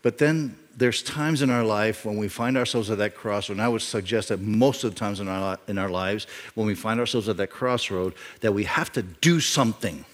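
A man's voice: lowish voice, normal speed, hardly any pauses. Emphatic male pastor in a reverberant hall. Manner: emphatic, repeats key phrases, swings from loud to quiet. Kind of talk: sermon.

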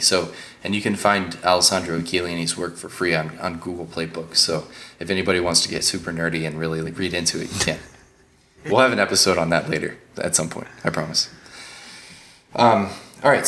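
A man's voice: low-pitched, pushed and bright, echoey room. A man hosting a casual podcast discussion, rambling along with many fillers. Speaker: podcast host.

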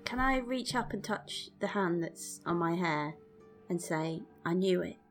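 A woman playing her character in a tabletop role-play, talking in an earnest, questioning, animated way. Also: fairly low pitch, unhurried, soft background music. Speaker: player.

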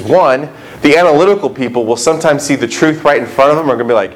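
A man's voice: medium pitch, expressive, fast talker, a little hiss or hum, poor audio. A middle-aged male pastor delivering a conversational sermon, full of rhetorical questions and acted-out quotes.

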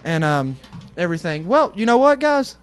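A man's voice: high-pitched, very animated, moderate pace. A man co-hosting a casual comedic radio show, rambling through self-deprecating stories.

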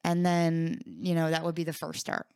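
A woman's voice: low-pitched, expressive, normal speed, darkish tone, smooth, no room sound, clean studio sound. A woman co-hosting a recovery workshop talk, explaining ideas casually with frequent "right?" checks and acted-out examples. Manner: acts out an anxious inner voice in examples. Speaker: podcast co-host.

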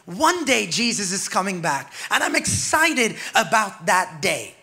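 A male pastor preaching a sermon with emphasis, swelling louder and dropping quiet by turns and calling out to his congregation. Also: high-pitched, very animated, a little slow. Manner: calls out to the congregation.

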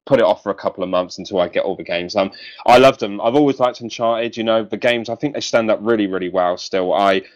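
A man's voice: lowish voice, quick pace, dull audio. A man hosting a casual podcast chat, talking with many ums and restarts. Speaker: podcast host.

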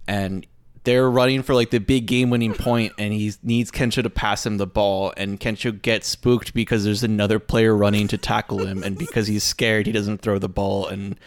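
A man's voice: fairly low pitch, flat delivery, moderate pace. A man co-hosting a podcast in casual chat, rambling with lots of fillers. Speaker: podcast co-host.

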